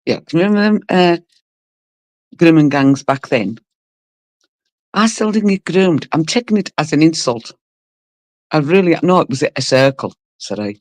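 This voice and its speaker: A woman from Cumbria, hosting a casual live stream. Her voice is low and rough, and she chats bluntly, swears and laughs a lot while greeting viewers. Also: expressive, normal speed, long pauses, darkish tone, dry recording. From Cumbria, England. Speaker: livestream host.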